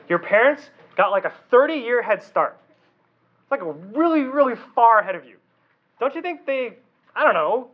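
A man with a high voice gives a youth sermon in a loose, talky way. He keeps checking in with the listeners through questions. The sound is a little dull and lo-fi. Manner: conversational, asks the audience questions. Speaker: youth pastor.

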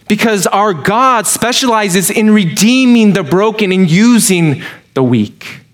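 A man's voice: high-pitched, a bit bright. A man preaching a sermon as pastor, emphatic, with touches of dry humor.

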